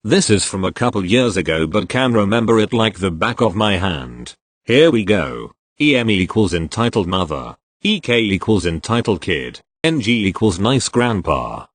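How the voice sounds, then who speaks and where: Man narrator, reading stories aloud, lively swinging pitch, dry sound. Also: moderate pace, no echo. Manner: spells out abbreviations letter by letter. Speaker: narrator reading online posts.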